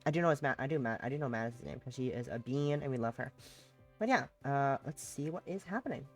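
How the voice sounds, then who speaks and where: A woman's voice: rumbling low, expressive, fast, faint music behind. A woman streamer with a sick voice, chatting casually and playfully with many fillers while playing a visual novel. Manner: rambling, playful, filler-heavy. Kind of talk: casual let's-play chat.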